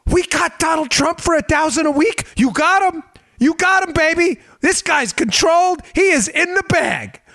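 A man's voice: very high-pitched, expressive, normal speed, gravelly, bright, forceful tone, pitched above the performer's own voice, exaggerated voice. A man mocking a gloating boastful leader. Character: gloating male world leader boasting of a controlled asset.

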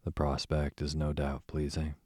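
A man reading an audiobook, voicing a languid aristocratic duke with a smooth, sarcastic drawl. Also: rumbling low, completely flat delivery, moderate pace, dark tone, no echo, clean studio sound. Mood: sardonic. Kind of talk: audiobook character voice.

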